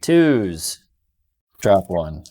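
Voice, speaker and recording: A man playing a tabletop wargame, talking casually and quickly through rules and dice rolls, with excitable outbursts. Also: low voice. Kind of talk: casual battle report banter.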